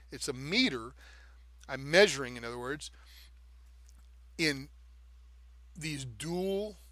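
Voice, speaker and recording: A man's voice: a little high, sharp tone, no room sound. A man co-hosting a live stream, explaining things step by step in casual talk and checking in with the listener as he goes. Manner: taps out rhythms with "da, da".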